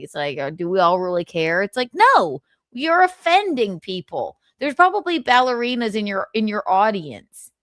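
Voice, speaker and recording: Female stream host, slow, animated, snarky and foul-mouthed; dry close mic. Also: mid-range voice, no room sound. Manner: sarcastic, profane ranting. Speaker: livestream host. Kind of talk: casual gossip commentary.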